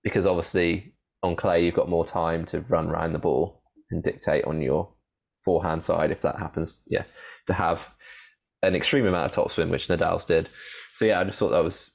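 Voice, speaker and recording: A man with a very low, deep voice co-hosts a relaxed podcast. He talks in a rambling, halting way, with many fillers and restarts. He laughs easily as he sets a quiz for his co-host. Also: vocal fry. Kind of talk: casual podcast chat.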